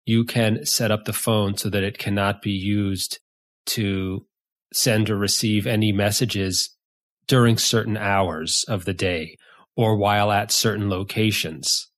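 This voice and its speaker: A man hosting a podcast, giving an earnest, measured solo introduction that explains an idea step by step. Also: fairly low pitch, fairly even intonation. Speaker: podcast host.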